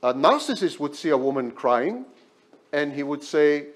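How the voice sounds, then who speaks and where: A man's voice: a little high, big pitch swings, moderate pace. A man lecturing at a hospital, emphatic and repeating key words for effect. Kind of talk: academic lecture.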